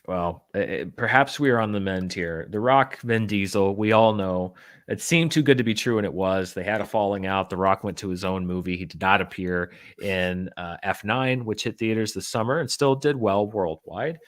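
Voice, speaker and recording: A man hosts a casual live-stream chat about the news, dry and wry in tone. His voice sits a little low, and he rambles along, filling pauses with plenty of uhs. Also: fairly bright tone. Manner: wry, rambling, lots of uh fillers. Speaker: host.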